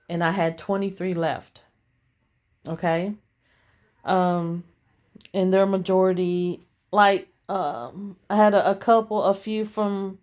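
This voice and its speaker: A woman's voice: mid-range voice, a little mellow. A middle-aged woman from Tennessee with a Southern country accent, chatting to camera in a casual vlog, telling stories and addressing viewers as y'all. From Tennessee, USA. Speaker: vlogger selling gift baskets. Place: outdoors at a street sales stand, later at home. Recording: noisy outdoor street with traffic. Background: car traffic.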